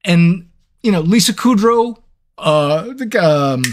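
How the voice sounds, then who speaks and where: Voice actor guy on a live q&a, rambly and all over the place, bouncy lively pitch, sitting at a mic. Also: slow, background noise. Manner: rambling, scattered and self-mocking. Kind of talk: casual livestream chat. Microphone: seated at a microphone.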